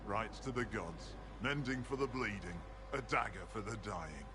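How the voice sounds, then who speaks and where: A man voicing a gruff, blunt clan healer. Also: fairly low pitch, moderate pace, background noise, close to an everyday voice. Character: blunt male clan healer and mystic, dry-witted. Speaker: game character.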